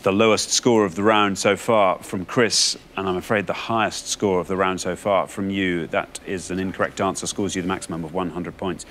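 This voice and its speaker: A man's voice: deep voice, fairly even intonation, brisk, hardly any pauses, a bit bright, a little hiss or hum. A man hosting a TV quiz show in a studio, genial and jokey as he talks to the contestants.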